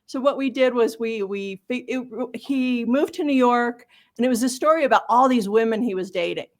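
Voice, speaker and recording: A woman's voice: fairly high pitch, moderate pace. A woman author, a guest on an interview show, talking directly and explaining her points with examples. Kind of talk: casual interview chat.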